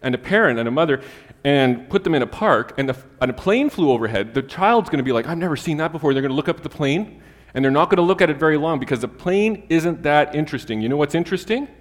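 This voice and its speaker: A man's voice: fairly high pitch, fast, hardly any pauses. Chatty male preacher in a reverberant hall. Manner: conversational and humorous, with lively asides and Bible readings. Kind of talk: sermon.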